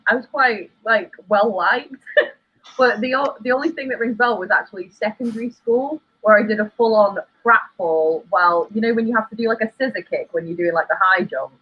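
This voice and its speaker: A woman on a comedy panel telling a story in a hesitant, halting way. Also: medium pitch, slightly rough. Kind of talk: casual anecdote telling. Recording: muffled lo-fi line.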